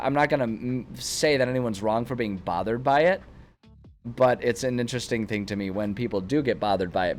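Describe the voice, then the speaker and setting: A man streaming and chatting casually to his live chat, rambling from one thought to the next and often cutting himself off mid-sentence. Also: mid-range voice. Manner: rambling, self-interrupting, chatty.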